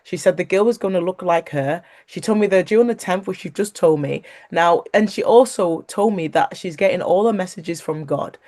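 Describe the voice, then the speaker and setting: A woman's voice: lowish voice, moderate pace, hardly any pauses. A woman, a guest sharing a personal faith story, who talks animatedly, laughs along the way and acts out what others said. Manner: animated, acts out quoted voices; laughs while talking.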